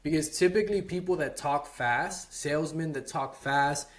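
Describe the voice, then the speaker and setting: A man's voice: fairly high pitch, moderate pace. A young man in his home office giving a casual lesson on sales calls, talking loosely with lots of "like" and "right?". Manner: loose, conversational, heavy on "like" and "right?". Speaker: sales course instructor.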